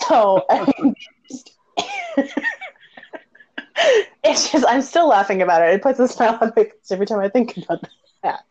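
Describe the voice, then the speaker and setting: A woman hosting a casual conversation, telling stories with lots of laughter and animated quoted dialogue. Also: on the high side, fast, slight background noise. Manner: animated storyteller, laughs often. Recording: dull lo-fi audio.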